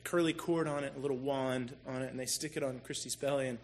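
A man telling a personal story in a sermon, animated and self-deprecating as he talks to the congregation. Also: medium pitch, fast, a little hiss or hum. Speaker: church speaker.

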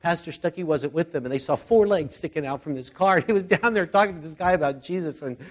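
A man preaching a sermon through personal stories, earnest and heartfelt, his voice often dropping soft and quiet. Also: a little high, fast talker.

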